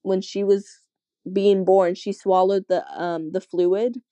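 A woman's voice: medium pitch, little pitch movement, takes it slowly, mellow, dry recording, muffled recording. A young adult woman telling a candid personal story in casual chat, acting out the voices of people she quotes. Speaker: podcast guest.

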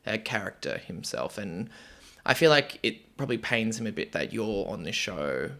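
A man's voice: fairly low pitch, very animated, moderate pace, bright, forceful tone. A man hosting a podcast, chatting casually and retelling stories. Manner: chatty, storytelling. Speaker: podcast host. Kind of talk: casual chat.

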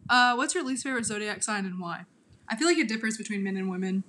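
A woman's voice: mid-range voice, expressive, quick pace, bright, forceful tone, a little hiss or hum. A young woman co-hosting a podcast at home, chatting casually and laughing often between lines, close to the mic. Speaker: podcast co-host. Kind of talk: casual chat. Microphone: podcast microphone up close.

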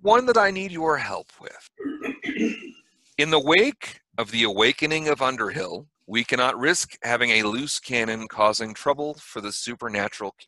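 A man voicing a mysterious stranger in a fedora, speaking in a calm, measured and coldly polite way over a video call. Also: mid-range voice, no room sound.

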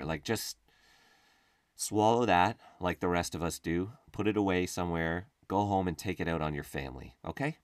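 A man's voice: sits low, moderate pace, dry recording, studio quality. A man hosting a podcast, giving a casual comedic monologue in a sarcastic, profane, ranting manner. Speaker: podcast host.

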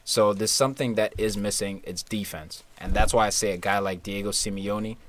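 Low-voiced, excitable man co-hosting. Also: moderate pace. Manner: excitable, sarcastic, swears freely. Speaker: podcast co-host. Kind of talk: casual chat.

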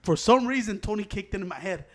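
A man talks on a casual podcast. He tells his stories in a rush of profanity and jumps to loud, heated shouts. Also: sits high, lively intonation, fast talker. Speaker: podcast co-host. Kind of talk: casual chat, storytelling.

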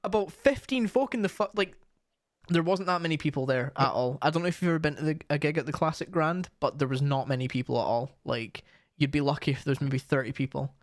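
A young man telling gig stories in casual chat, animated and full of swearing. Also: fairly high pitch, fast, no echo.

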